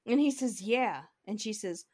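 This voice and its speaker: A woman's voice: on the high side, lively intonation, moderate pace. A woman co-hosting a podcast, critiquing a movie in casual chat. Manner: opinionated, critical. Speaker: podcast co-host.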